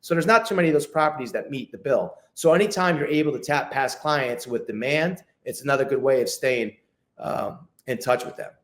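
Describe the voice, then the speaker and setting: A man's voice: medium pitch, lively intonation, brisk. Chatty man telling sales stories. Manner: chatty, acts out phone calls with clients, many restarts. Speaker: luxury real estate agent, guest. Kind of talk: casual interview talk.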